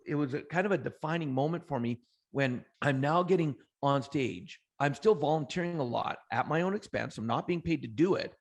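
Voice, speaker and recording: A middle-aged man from Canada, a trainer telling energetic motivational stories as an interview guest, often restarting phrases. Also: on the high side. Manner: energetic, anecdotal, frequent restarts. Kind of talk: motivational storytelling.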